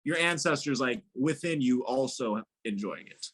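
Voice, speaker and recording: Male guest, emphatic, animated delivery with a husky edge and wide pitch swings. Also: normal speed. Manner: animated, emphatic, laughs often. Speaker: guest, spiritual teacher. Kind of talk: casual interview conversation.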